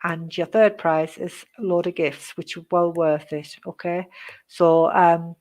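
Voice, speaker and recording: A middle-aged woman with a somewhat low voice gives a live psychic reading. She talks in a reassuring, repetitive way and often ends her phrases with a questioning "okay?". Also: fairly even intonation, measured pace, darkish tone. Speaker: psychic medium.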